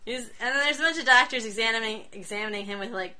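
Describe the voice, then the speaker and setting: A woman's voice: fairly high pitch, fast, pushed and bright. A woman co-hosting a podcast in casual comic-book chat, blunt, swearing freely and laughing often. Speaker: podcast co-host.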